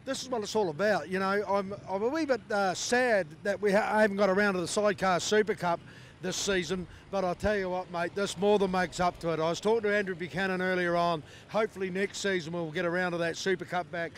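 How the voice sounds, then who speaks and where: Enthusiastic New Zealand announcer, high voice. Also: male voice, steady tone, fast talker, a little hiss or hum. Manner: enthusiastic, effusive. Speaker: speedway announcer. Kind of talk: casual trackside chat. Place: outdoor speedway pits.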